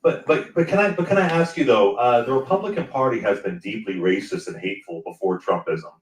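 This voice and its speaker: A man's voice: fairly low pitch, lively intonation, fairly quick. A man co-hosting, questioning a guest insistently and repeating his questions. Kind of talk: interview questioning. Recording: echoey room, far from mic.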